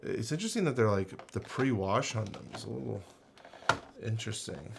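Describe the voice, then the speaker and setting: A man's voice: lowish voice, animated, normal speed, creaky, noisy background. A man hosting a casual unboxing video, rambling and thinking aloud with lots of fillers and restarts. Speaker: unboxing channel host.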